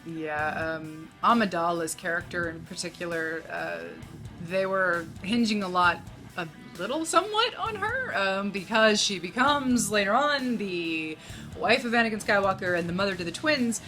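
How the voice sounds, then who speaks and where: A woman's voice: medium pitch, expressive, moderate pace, music in the background. A woman co-hosting a casual film review, chatty and prone to exasperated rants. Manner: chatty, gets loud and exasperated when ranting. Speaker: movie reviewer co-host.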